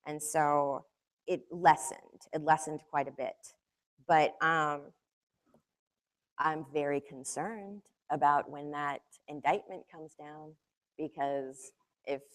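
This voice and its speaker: A woman reporter gives a casual, anecdotal talk to students, chatty and loose, full of "like" and "you know". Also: low-pitched. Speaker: magazine reporter speaking to students.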